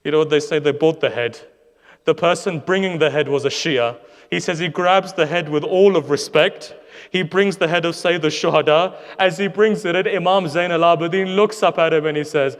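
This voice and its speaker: A man's voice: a little high, moderate pace. A man preaching a mourning sermon, telling a story with passion and drama and quoting its figures' words. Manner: impassioned storytelling, dramatic retelling with quoted speech. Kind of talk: Muharram majlis sermon. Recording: long hall reverb.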